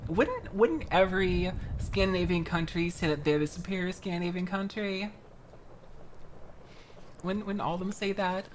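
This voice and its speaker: A young woman from Florida, chatting casually on a livestream while building a model kit, animated and quick to laugh, with frequent restarts. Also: on the low side, a little hiss or hum. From Florida, United States. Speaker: streamer.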